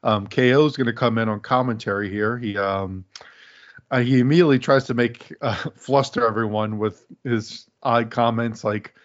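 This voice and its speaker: A man's voice: mid-range voice, fairly even intonation, normal speed, dull audio. A man casually chatting as a podcast co-host, rambling with frequent laughs and fillers. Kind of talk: casual chat reviewing wrestling.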